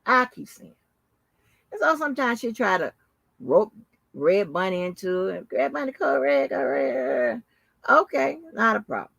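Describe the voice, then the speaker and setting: A woman hosting her own channel, telling a story in a casual, animated, profane and mocking way. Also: a little high, a little slow, creaky, dry recording. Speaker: channel host. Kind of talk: casual live-stream commentary.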